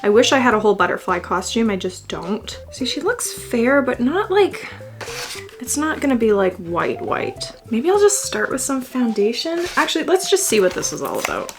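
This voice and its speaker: A woman's voice: a little high, big pitch swings, brisk, few pauses, soft background music. A young woman in her twenties chatting casually through a makeup attempt, self-deprecating, swearing freely and slipping into mock-dramatic wails. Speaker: beauty vlogger.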